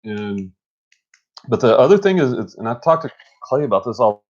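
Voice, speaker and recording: A middle-aged man co-hosting a casual live stream, energetic and motivational, rambling with restarts. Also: mid-range voice, normal speed. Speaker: co-host. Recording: dull lo-fi stream audio.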